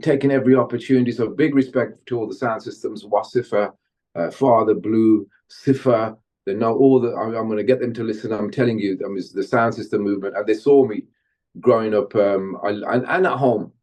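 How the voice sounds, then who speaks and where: A middle-aged man from Birmingham, England, guesting on an interview podcast and telling stories from his music career in an animated way. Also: lowish voice, brisk. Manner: animated storyteller, slips into Jamaican-style patois when chanting. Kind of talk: storytelling interview.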